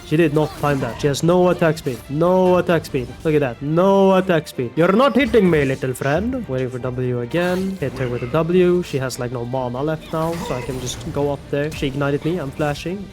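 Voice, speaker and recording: A man's voice: on the high side, darkish tone. A man giving casual, playful gameplay commentary, mocking his opponent and swearing often. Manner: playful, mocking, swears, mock-panicked taunting. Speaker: gaming video creator.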